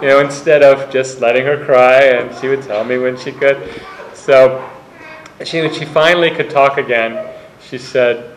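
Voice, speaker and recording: A man's voice: medium pitch, fairly even intonation, normal speed, a little hiss or hum. Man telling stories in an echoey room. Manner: anecdotal, acts out quoted voices. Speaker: author giving a book talk. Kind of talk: storytelling talk to a live audience.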